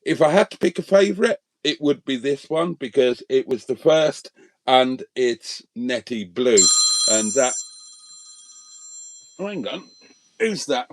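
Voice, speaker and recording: A man's voice: medium pitch, lively intonation, measured pace, pauses often, slight background noise. A man hosting a live stream from a motorhome, bantering and reading out viewer names. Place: inside a motorhome.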